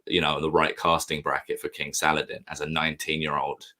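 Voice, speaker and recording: Stream co-host, man, very deep low voice, rambling, sweary. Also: monotone, fairly quick, pushed and bright. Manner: rambling, swearing, self-mocking. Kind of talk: casual chat, storytelling.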